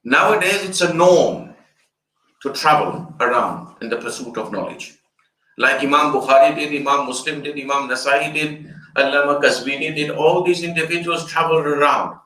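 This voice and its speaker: A man's voice: fairly high pitch, bright, forceful tone. An older man, an Islamic scholar, giving an explanatory fundraiser lecture. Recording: echoey room, distant mic.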